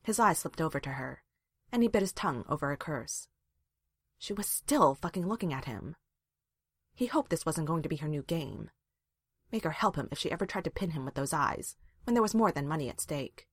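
Brief: low, animated woman narrator, dry close sound. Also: a little fast, breathy edge, no room sound. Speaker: reader. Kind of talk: reading fan fiction aloud.

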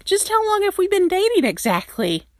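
Woman voicing a motor-mouthed young man: high, lively, sarcastic, dry close read. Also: dry recording, exaggerated voice. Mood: flustered sarcastic. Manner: quick, sarcastic, flustered. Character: mouthy excitable young man, talks nonstop.

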